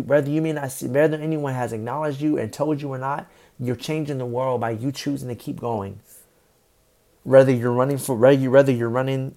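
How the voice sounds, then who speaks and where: A man talks earnestly and unscripted, urging listeners to keep going. His voice is dark and mellow, at a middle pitch. He repeats himself often, restarts phrases, and clears his throat now and then. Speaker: motivational speaker. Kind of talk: unscripted faith-based encouragement.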